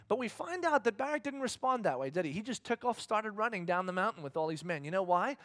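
A male pastor preaching a sermon, telling a story in an animated way and asking the congregation questions. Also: high-pitched, fast talker, few pauses, no echo, studio quality.

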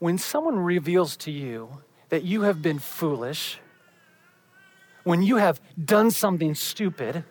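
Delivering a sermon, a preacher builds up with emphasis and then drops into hushed, quiet endings. His medium-pitched voice is expressive and a little slow.

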